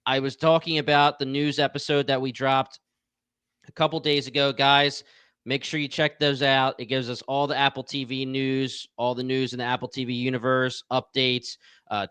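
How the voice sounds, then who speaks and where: Smooth-voiced podcast host man. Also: mid-range voice, no echo. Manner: energetic, promotional, talks to listeners directly. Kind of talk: casual podcast chat.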